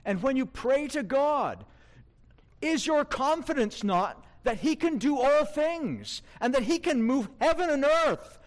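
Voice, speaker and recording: A man's voice: extremely high pitch, expressive, unhurried. A male preacher giving an emphatic sermon, asking his listeners rhetorical questions.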